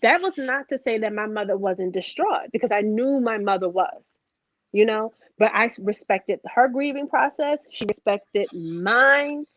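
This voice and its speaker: Expressive woman talking, dull lo-fi sound. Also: fairly high pitch, unhurried, no echo. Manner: emphatic, expressive storytelling. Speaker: host. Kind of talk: casual conversation. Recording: dull lo-fi recording.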